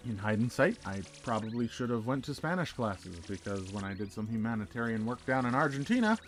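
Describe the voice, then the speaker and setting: A man's voice: medium pitch, very animated, fairly quick, few pauses, faint music behind. Rambling chatty male streamer. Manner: rambling, chatty, answers chat messages aloud. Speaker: live streamer. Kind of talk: casual chat while gaming.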